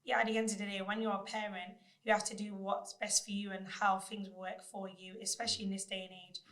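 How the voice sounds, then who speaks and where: A woman's voice: mid-range voice, a little fast. A young woman, a mother, talking candidly and reflectively in a casual podcast chat. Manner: candid, reflective, flat-toned. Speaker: podcast guest.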